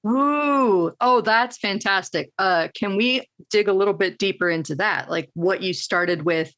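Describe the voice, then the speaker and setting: A woman's voice: medium pitch, measured pace, fairly bright tone, no echo. Enthusiastic woman podcast host, dry sound. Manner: enthusiastic, encouraging interjections. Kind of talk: casual interview chat.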